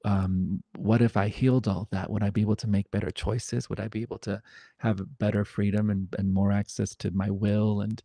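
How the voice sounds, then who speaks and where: A man leading a satsang, speaking in a reflective, gentle way with wandering pauses. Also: on the low side, vocal fry, breathy edge, no echo, studio quality. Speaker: satsang teacher. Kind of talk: spiritual dialogue.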